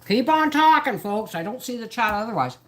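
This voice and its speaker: A woman's voice: on the high side, very animated, a little fast, fairly bright tone, slight background noise. A middle-aged woman hosting a casual live stream from her home kitchen, rambling and jumping between topics as she chats. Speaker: homesteader livestream host.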